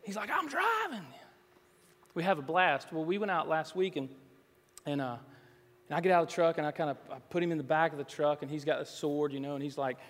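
A male pastor with a high, light voice delivers a sermon, moving from relaxed storytelling into swelling, emphatic appeals. His words ring out with the long reverb of a large church hall. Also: fast. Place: church sanctuary.

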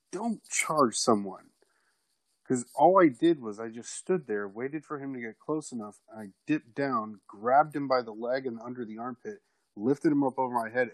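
A man telling a personal story in a casual, animated way, swearing freely. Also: medium pitch, dry recording, low-quality recording. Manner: animated, profane, acts out quoted people loudly.

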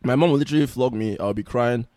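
A man's voice: mid-range voice, fast talker, no room sound. A man from Nigeria hosting a casual podcast chat, telling stories with lots of laughter. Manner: laughing, animated storytelling. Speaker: podcast host.

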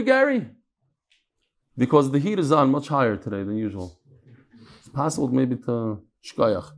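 Man teaching a text class, higher voice. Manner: storytelling, acts out quoted voices; reads text then explains casually. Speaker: Talmud teacher. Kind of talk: Talmud class lecture.

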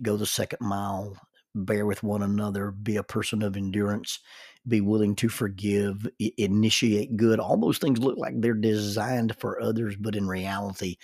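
Gravelly, halting older man. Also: fairly low pitch. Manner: halting, repeats words when starting sentences. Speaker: grandfather telling life-lesson stories. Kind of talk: reflective storytelling monologue.

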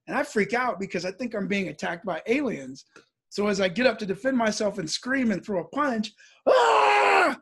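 A man from the US Midwest telling a personal story in casual speech, animated and acting out the voices as he goes. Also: high-pitched, a little fast, breathy edge.

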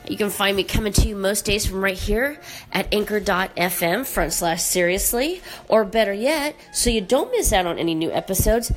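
A woman's voice: mid-range voice, lively intonation, normal speed, soft background music. A woman hosting her own podcast in casual solo talk, her voice nasal and congested from allergies, speaking candidly and emphatically with mild swearing. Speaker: podcast host.

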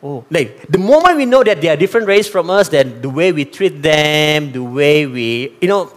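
A man's voice: fairly high pitch, moderate pace. A man from East Malaysia with a Malaysian accent, preaching a sermon and talking straight to the congregation. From East Malaysia (Sarawak). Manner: animated, talks straight to the congregation, mixes in Malay phrases.

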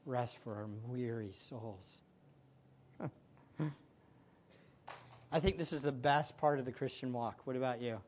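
A man preaching as pastor, swinging between loud excited exclamations and hushed prayer, often laughing and asking the listeners questions. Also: mid-range voice, normal speed, hardly any pauses, dull audio, a little hiss or hum. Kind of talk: sermon.

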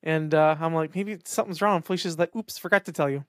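A man's voice: a little high, quick pace, no echo, studio quality. Rambling man, casual podcast co-host. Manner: rambling storytelling with many "like"s. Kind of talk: casual chat. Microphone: dynamic podcast microphone.

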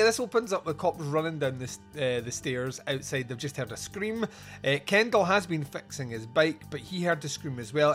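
Man casually recapping a film. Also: fairly high pitch. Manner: recounts scenes, laughing, quoting characters. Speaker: podcast host. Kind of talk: casual movie review chat.

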